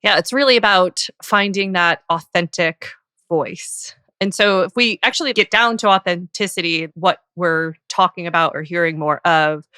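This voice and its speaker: Bright, crisp-voiced woman co-host. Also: lowish voice, normal speed, no echo. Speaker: podcast co-host. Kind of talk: podcast interview.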